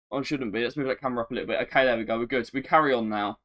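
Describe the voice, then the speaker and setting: A man chatting on a live stream, excitable and self-mocking, often repeating himself. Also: medium pitch, very fast. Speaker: gaming streamer. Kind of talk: casual live-stream chat.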